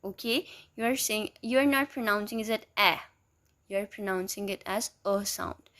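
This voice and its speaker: A woman's voice: mid-range voice, moderate pace, bright, forceful tone. A woman teaching a lesson in a patient way, repeating example words as she explains.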